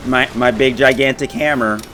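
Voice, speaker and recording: A man in casual gaming chat with a friend, excitable and swearing often. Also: medium pitch, normal speed. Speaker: gamer streaming with a friend. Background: game music.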